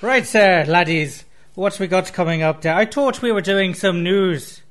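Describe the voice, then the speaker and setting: A man's voice: high voice, measured pace, fairly bright tone. A man voicing a cheeky, crude man. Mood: swaggering. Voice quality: exaggerated, crude and overblown. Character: brash, cheeky Irish-style man called O'Neill.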